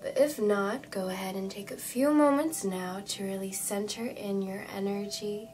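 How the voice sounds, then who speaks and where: A young woman with a hoarse voice giving a calm tarot card reading in slow, soothing phrases. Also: medium pitch, slight background noise, rough recording. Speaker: tarot reader.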